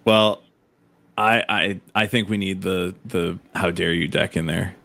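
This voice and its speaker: A man's voice: low voice, steady tone, unhurried, creaky, a bit bright. A man who is a podcast guest in casual chat, teasing in a dry way.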